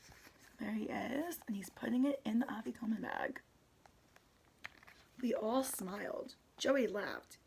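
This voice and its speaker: A woman teacher reading a picture book aloud to a kindergarten class, slow and expressive, adding little asides to the children. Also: fairly high pitch, gravelly, a little hiss or hum.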